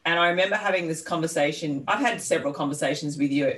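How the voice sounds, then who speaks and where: A woman's voice: deep voice, quick pace. An Australian woman co-hosts a podcast, winding through long, admiring thoughts with stops and restarts. Her voice comes from a little away from the mic. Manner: rambling, warm praise with laughs and self-interruptions. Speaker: podcast co-host. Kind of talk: casual interview conversation. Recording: slightly distant mic.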